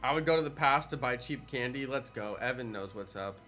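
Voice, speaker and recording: Male game streamer, mid-pitched, bright, rambling casual banter with viewers. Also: a little fast, soft background music. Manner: rambling, playful, chatting with viewers. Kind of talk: casual live stream chat.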